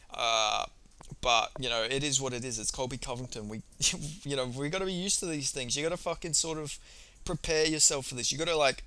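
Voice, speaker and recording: A man's voice: fairly high pitch, pushed and bright, no echo, poor audio. A man giving a casual, rambling fight recap for his channel, swearing freely and speaking offhand. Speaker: MMA YouTuber.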